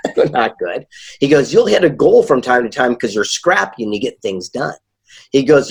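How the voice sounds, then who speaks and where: A man being interviewed as a guest author and speaker, telling stories in a lively way and acting out the dialogue he quotes. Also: mid-range voice, fast, breathy edge. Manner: animated, acts out quoted dialogue. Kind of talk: casual interview storytelling.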